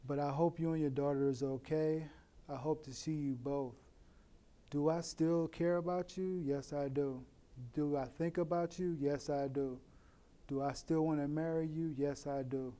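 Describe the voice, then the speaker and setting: A middle-aged man from Oakland, telling a personal story in a plain, unhurried way with many "you know" asides. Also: on the high side, steady tone, warm tone. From Oakland, California. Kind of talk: personal story told to camera. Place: in prison.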